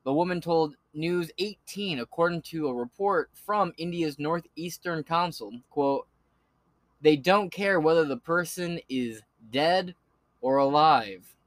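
A man's voice: on the high side, unhurried, no room sound. A male podcast host reading news aloud and breaking off into sarcastic, profane rants. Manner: sarcastic, swears often, shouts in bursts. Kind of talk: profane political commentary.

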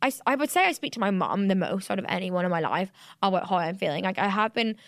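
A woman's voice: mid-range voice, animated, fast talker, dry recording, clean studio sound. A young woman, hosting a solo podcast, talking candidly and rambling with many fillers and restarts. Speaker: podcast host. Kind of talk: solo confessional podcast monologue.

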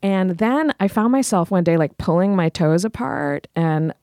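Gravelly low-voiced woman, chatty. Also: expressive, normal speed, darkish tone, no room sound, studio quality. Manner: chatty storyteller, lots of "like". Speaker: podcast co-host. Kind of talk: casual chat.

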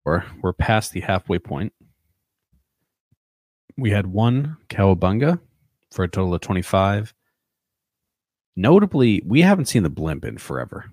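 Man, deep voice, laid-back podcast chat, dry sound. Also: big pitch swings, measured pace, pauses often, darkish tone, no room sound. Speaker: podcast co-host.

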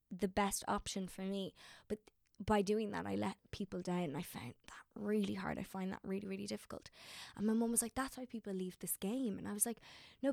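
A woman's voice: mid-range voice, creaky, dry recording, clean studio sound. A young woman actor talking in a casual interview, emotional and rambling, with many fillers and restarts.

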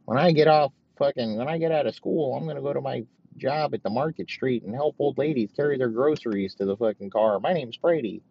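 A man voicing a polite, eager, wholesome teenage boy in a higher, chirpy put-on voice. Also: brisk, creaky, slightly rough, no echo. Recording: dull, dry lo-fi recording.

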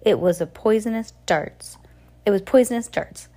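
A woman's voice: medium pitch, moderate pace, mellow, pitched above the performer's own voice, lightly acted. A woman reading as a gloating villainous count. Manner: growling, gloating, scornful. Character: scornful scheming male villain count.

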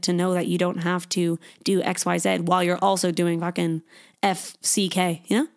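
A young woman hosting her own podcast in a loose, chatty monologue, dropping swear words as she goes. Her voice sits in an ordinary middle range, and she keeps slipping into higher-pitched impressions of her own inner thoughts. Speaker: podcast host. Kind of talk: casual solo podcast monologue.

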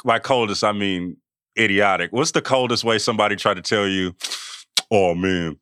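A man's voice: on the low side, brisk, bright, forceful tone, clear, resonant tone, no room sound, studio quality. A man hosting a podcast interview in casual chat, joking and teasing his guest playfully. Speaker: podcast host.

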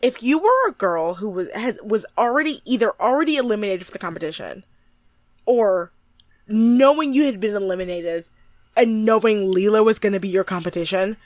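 A woman's voice: medium pitch, expressive, normal speed, no room sound. A woman co-hosting a casual show, recapping TV with friends; she laughs often and swears freely. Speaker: podcast co-host.

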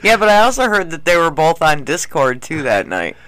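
A man with a slightly high, smooth voice, recorded dry and close with no room sound. He keeps up the casual banter, dropping teasing comebacks. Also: very animated, fairly quick, a bit bright, no echo, rough recording. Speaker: podcast co-host.

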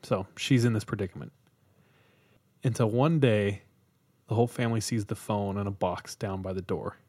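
A man's voice: fairly low pitch, normal speed, warm tone, no room sound. A man hosting a podcast, casually retelling a creepy story with quoted voices and easy jokes. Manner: laid-back, jokey, tells stories with quoted voices. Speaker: podcast host.

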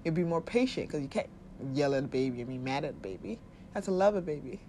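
A woman's voice: sits low, animated, fast, dark tone, a little hiss or hum. A woman giving casual spiritual self-help advice, blunt and profane, often laughing and acting out little voices. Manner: acts out quoted voices of body and soul.

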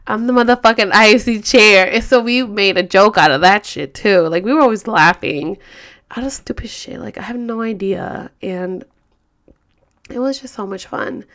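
A woman telling a story casually, full of slang and swearing, acting out quotes with lively energy. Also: medium pitch, normal speed. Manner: profane, slangy, animated quoting. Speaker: storyteller vlogger.

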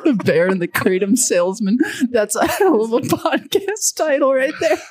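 A man's voice: very high-pitched, very animated, normal speed. A man co-hosting a podcast, telling stories and laughing often in casual banter. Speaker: podcast co-host.

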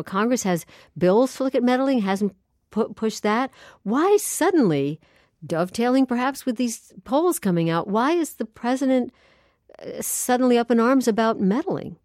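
A woman co-hosting a political panel discussion, asking pointed questions in a quick, halting way. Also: a little high, big pitch swings, darkish tone, no room sound, clean studio sound. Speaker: co-host.

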